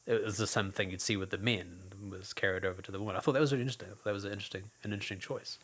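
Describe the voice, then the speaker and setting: A man's voice: lowish voice, steady tone, rapid-fire, a bit bright. A man co-hosting a casual film podcast, rambling and repeating himself, laughing often. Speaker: podcast co-host.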